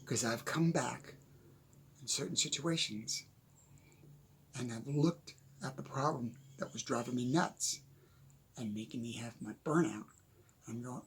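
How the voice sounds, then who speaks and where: A man talking casually into the camera from his desk at home, giving unscripted motivational advice, chatty and quick to laugh. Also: mid-range voice, a bit bright, slight background noise. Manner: chatty, laughs often, repeats "okay?". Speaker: motivational speaker.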